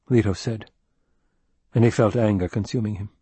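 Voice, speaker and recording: A man reading an audiobook in an even, restrained way. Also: lowish voice, moderate pace, husky, dry recording. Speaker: audiobook narrator. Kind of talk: scripted narration.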